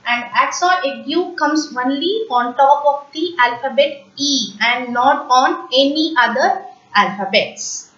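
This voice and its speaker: A woman teaching a beginner French lesson, speaking slowly and patiently and repeating words for learners to copy. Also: high voice, a bit bright. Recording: roomy, distant, dull lo-fi recording.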